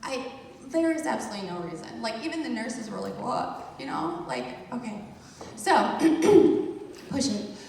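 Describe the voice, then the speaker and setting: A woman's voice: fairly high pitch, moderate pace, vocal fry, heavy reverb, in a large hall, recorded from a distance. A woman casually telling a group the story of her birth, with frequent laughter. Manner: animated, laughs often, addresses listeners as "you guys". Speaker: speaker sharing a birth testimony.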